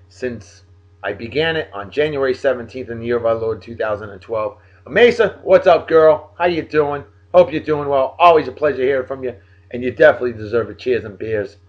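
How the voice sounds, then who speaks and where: Jovial New man giving shout-outs. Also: brisk, muffled recording. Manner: jovial, folksy, animated, big pitch swings. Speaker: host of a daily beer and song video show. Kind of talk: casual shout-outs monologue.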